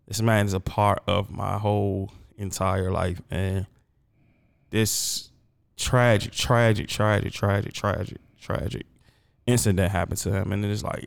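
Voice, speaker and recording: A man's voice: fairly low pitch, steady tone, normal speed, creaky, smooth. A grieving man in casual conversation, rambling emotionally and repeating himself, often trailing off and starting over. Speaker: guest.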